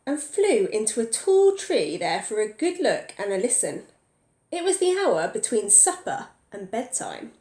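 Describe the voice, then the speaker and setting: A woman teacher reading a picture book aloud to young children, pausing to ask them questions. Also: a little high, a little mellow, reverberant.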